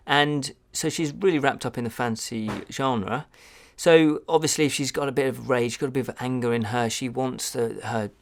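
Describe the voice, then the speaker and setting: A man's voice: medium pitch, vocal fry, fairly bright tone. A man giving a casual film review, chatty and digressive with wry asides.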